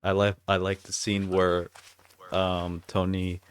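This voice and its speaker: A man's voice: deep voice, monotone, slow, clear, resonant tone. A man co-hosting a podcast in loose, profane casual chat, retelling funny scenes. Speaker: podcast co-host.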